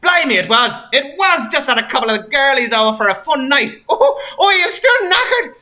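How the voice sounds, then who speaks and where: A chirpy British young woman, all slang and giggles, as a man puts her on. Very high and bouncing, with a bright, sharp edge. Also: very animated, a little fast, exaggerated voice. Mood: cheery. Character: cheery cockney-style British young woman.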